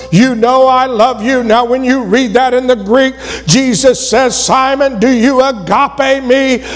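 A man preaching a sermon to a congregation, rising to impassioned shouts and falling back to low, quiet asides. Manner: impassioned, builds to shouting then drops low. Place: church. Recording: long reverb of a church hall.

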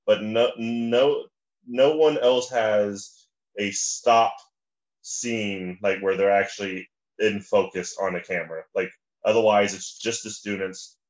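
Male podcast guest, low-ish voice, meandering and full of restarts; slightly muffled recording. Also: steady tone, takes it slowly. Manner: rambling, lots of "like" and restarts. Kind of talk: casual podcast chat. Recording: slightly dull lo-fi audio.

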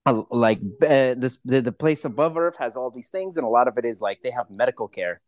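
A man's voice: mid-range voice, animated, brisk, darkish tone, no echo, clean studio sound. A man co-hosting a podcast in casual chat, rambling with many restarts and plenty of swearing. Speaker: podcast co-host.

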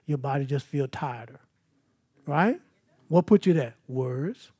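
A man's voice: mid-range voice, lively intonation, a little slow, mellow, husky. A man preaching a sermon at an evening church service, moving between scripture and personal stories in an emphatic, conversational way.

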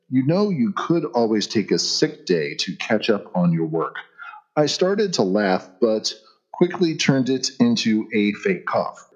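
A man's voice: mid-range voice, a little mellow. A man co-hosting a casual chat, blunt and profane, who also reads a forum post aloud. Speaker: podcast co-host. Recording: dull, lo-fi mic sound.

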